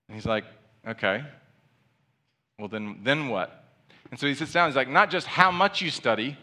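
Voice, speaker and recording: Bright-voiced man preaching conversationally. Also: fairly high pitch. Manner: conversational, animated preaching with asides. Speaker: pastor. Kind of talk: sermon.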